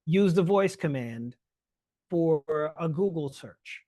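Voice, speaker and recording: A man lecturing in a webinar over a video call mic, explaining fast with many fillers. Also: fairly high pitch, animated, mellow, no room sound. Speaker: guest lecturer.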